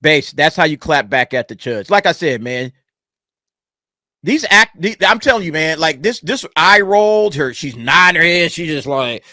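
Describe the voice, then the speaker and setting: A man hosting a reaction commentary, swearing freely and answering the clip as it plays. His voice sits high and bright. It swings widely in pitch, recorded close in a dry, dead room. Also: moderate pace, dry recording. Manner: animated, profane, talks back to clips. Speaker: commentary channel host.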